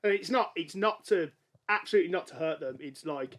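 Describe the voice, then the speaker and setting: A man with a notably high voice co-hosts a relaxed dads' podcast. He tells animated stories, stringing them together with plenty of fillers. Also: brisk. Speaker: podcast co-host. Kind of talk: casual chat among dads.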